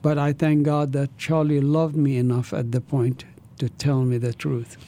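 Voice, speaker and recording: A man's voice: mid-range voice, level tone, moderate pace, dark tone. A man, an interview guest, telling his life story with an intense, earnest manner.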